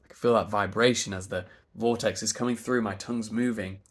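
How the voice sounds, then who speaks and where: A man with a British RP accent and a stuffy nose, coaching pronunciation by stretching vowel sounds very slowly. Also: fairly low pitch, fairly even intonation. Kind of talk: slow demonstration of vowel sounds.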